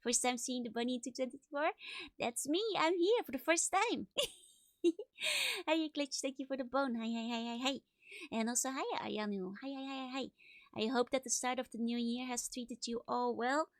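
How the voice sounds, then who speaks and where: This high-voiced woman streamer, speaking at a moderate pace, greets her viewers in a casual chat, repeating her hellos in giggly, sing-song runs. She's bubbly but a bit sleepy, her nose slightly stuffy from a cold. The sound is clean, studio-grade, and echo-free.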